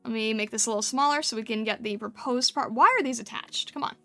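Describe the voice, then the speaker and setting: A woman's voice: a little high, quick pace, a bit bright, soft background music. A woman streamer chatting casually with her chat and thinking aloud while she paints over and critiques thumbnails.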